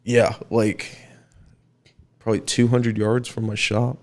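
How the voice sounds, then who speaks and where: A man co-hosting a podcast, chatting casually and telling a lively story with lots of "like" and "you know". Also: lowish voice, takes it slowly. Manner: lively, chatty, with many fillers and restarts. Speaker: podcast co-host.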